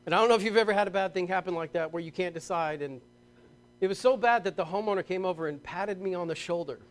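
Pastor, male, middle-aged, higher-pitched, lively sermon delivery with emphatic outbursts. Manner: animated storytelling, emphatic bursts, reads scripture slowly.

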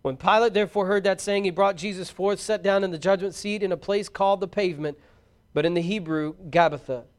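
A man giving a solemn, measured formal scripture reading. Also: high voice. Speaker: scripture reader.

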